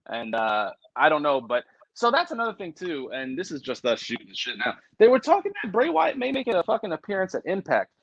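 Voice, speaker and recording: Casual stream co-host, male, animated swing in pitch, muffled lo-fi close sound, rambling and profane. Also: a little fast, vocal fry, hardly any pauses, no echo. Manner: profane, rambling, reads viewer comments aloud. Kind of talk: casual livestream chat.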